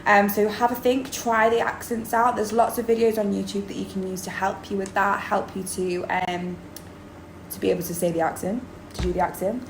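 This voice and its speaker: A woman's voice: mid-range voice, flat delivery, normal speed. A woman drama teacher, explaining in a chatty video lesson with many ums. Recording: roomy echo, faint background noise.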